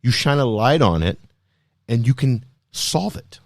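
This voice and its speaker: A man hosting a podcast, speaking in an energetic, emphatic motivational style full of rhetorical questions. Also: mid-range voice, unhurried, no echo, clean studio sound. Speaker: podcast host. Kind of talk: motivational solo talk.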